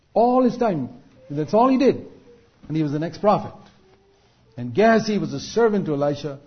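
A man preaching a sermon, building to loud, drawn-out emphasis at key points. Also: a little high. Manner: rises to loud, drawn-out emphasis on quoted rebukes. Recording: dull lo-fi recording.

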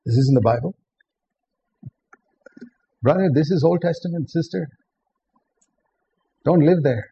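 Gravelly-voiced male preacher. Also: a little high, unhurried, pauses often, warm tone. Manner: earnest, direct, addresses listeners with questions. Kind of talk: sermon. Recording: dull lo-fi recording with faint background noise.

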